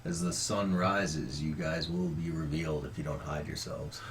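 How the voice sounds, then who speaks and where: A man's voice: extremely low pitch, steady tone, normal speed, a little hiss or hum. A man narrating scenes and questioning players as game master in a tabletop game. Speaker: dungeon master.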